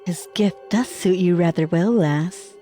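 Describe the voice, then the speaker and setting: A woman voicing a sly, taunting serpent spirit in a horror game, reading its lines in a slow, mocking way. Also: on the low side, warm tone, soft background music, lightly acted. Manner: mocking, calls her lass.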